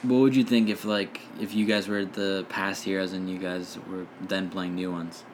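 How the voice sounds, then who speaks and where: A man who runs a tabletop game, talking in a relaxed, rambling way with lots of fillers. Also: sits low, normal speed, background noise. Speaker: dungeon master. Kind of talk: casual podcast chat.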